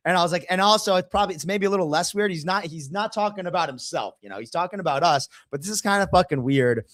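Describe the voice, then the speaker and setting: A man's voice: high-pitched, lively intonation, quick pace, fairly bright tone, no room sound, studio quality. A man telling a long story in casual chat, swearing often and acting out the voices of the people in it. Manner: profane, acts out the voices of others in his story.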